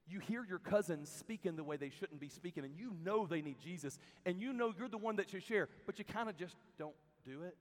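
A man preaching to students at a youth camp, telling stories and swinging from hushed to loud and emphatic. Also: a little high. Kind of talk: sermon. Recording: reverberant hall.

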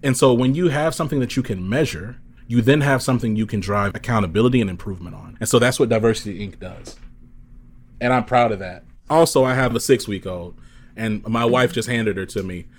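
Casting: man in his 30s, interview guest, emphatic storyteller, mid pitch, heard over a video call. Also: a little fast. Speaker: guest speaker. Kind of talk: conversational interview answer.

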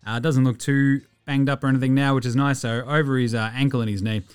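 A man's voice: medium pitch, fairly even intonation, fast talker, clear, resonant tone. A man with an Australian accent hosting a sports podcast, chatting casually in a jokey, slangy, rambling way. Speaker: podcast host.

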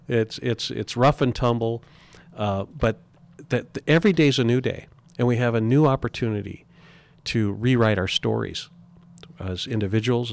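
A man's voice: lowish voice, vocal fry. A middle-aged man speaking earnestly as an interview guest, often stumbling and restarting his sentences. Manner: earnest, halting with repeated restarts. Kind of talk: reflective interview talk.

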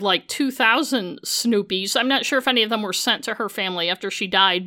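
A former journalist hosts a true-crime podcast in a mid-range, sharp-toned voice. She narrates casually, tossing in sarcastic asides and swearing often.

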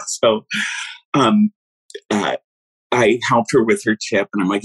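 A man with a somewhat low, husky voice tells a personal story in a loose, rambling way. He restarts his sentences often and laughs as he goes. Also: expressive, slow pace, pauses often, a bit bright, poor audio. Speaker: guest.

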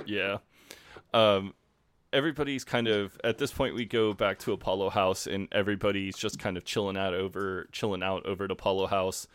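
A man co-hosting a podcast, wryly recapping scenes in relaxed casual chat on a home mic. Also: deep voice, a little fast, clean tone, no room sound. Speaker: podcast co-host.

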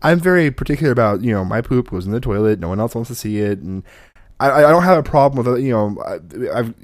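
A man's voice: mid-range voice, lively intonation, quick pace, dry recording, studio quality. A man co-hosting a casual chat, telling rambling stories and laughing often. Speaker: podcast co-host.

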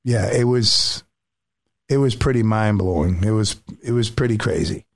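A man's voice: fairly low pitch, moderate pace, vocal fry. A man chatting casually as a streamer guest, telling a story with feeling, with frequent restarts. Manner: emotional, animated storytelling with many restarts. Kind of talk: casual chat.

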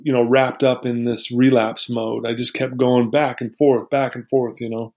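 A man's voice: medium pitch, level tone, normal speed, a little mellow. A man as an interview guest, telling a personal story in an earnest, heartfelt, reflective way.

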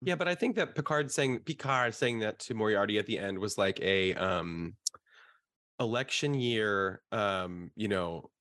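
A man co-hosting a podcast in casual chat, halting with many fillers and frequent laughter. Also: fairly low pitch, animated, a bit bright, no room sound, studio quality. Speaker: podcast co-host.

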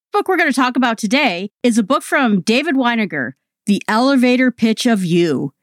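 Woman podcast host, chatty and expressive, a bit high pitched, dead dry close mic. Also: no echo. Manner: conversational, expressive, with lively emphasis. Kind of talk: solo podcast talk.

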